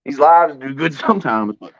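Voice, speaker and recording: A man's voice: fairly high pitch, animated, moderate pace, vocal fry, no echo. A man hosting a casual sports-fan livestream, rambling and swearing as he answers chat, with frequent coughs. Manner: rambling, profane, coughs often. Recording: dull, dry home mic.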